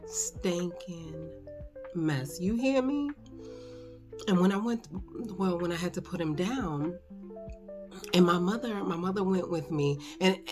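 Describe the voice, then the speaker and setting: A middle-aged woman talking candidly and emotionally at home in an unscripted personal vlog, rambling with many fillers. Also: lowish voice. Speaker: vlogger. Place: at home indoors.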